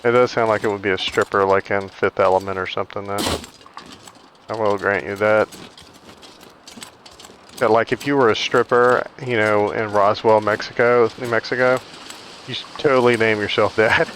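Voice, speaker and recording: A man's voice: fairly low pitch, fairly even intonation, normal speed, pauses often, fairly bright tone, a little hiss or hum, rough recording. A man casually chatting while playing a survival video game, rambling into storytelling asides. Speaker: gaming streamer. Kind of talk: casual gameplay chat.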